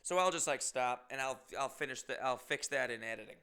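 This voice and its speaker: A man hosts his podcast with a smooth, resonant voice. He talks to his listeners in a playful, rambling, self-mocking way, joking along as he goes. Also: medium pitch, a little fast, sharp tone. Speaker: podcast host. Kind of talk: casual comedic monologue.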